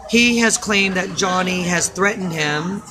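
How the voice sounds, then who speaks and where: A woman's voice: fairly low pitch, measured pace, crowd noise, rough recording. A woman vlogging into her phone, tired and rambling, with nervous laughs breaking in. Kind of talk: casual phone vlog.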